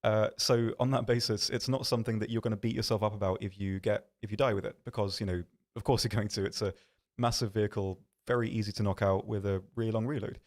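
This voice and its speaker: A man hosting a game livestream from an office, answering viewer questions in a rambling, self-deprecating way with many pauses and restarts. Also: lowish voice, steady tone. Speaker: stream host. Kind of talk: casual livestream chat reading viewer questions.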